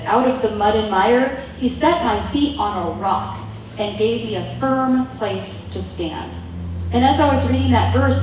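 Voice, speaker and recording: A middle-aged woman giving an earnest devotional talk to women, slowing into soft, deliberate phrases when she voices God's words. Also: fairly high pitch, far from the mic. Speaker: women's ministry speaker. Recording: echoey room, voice from afar, faint hiss.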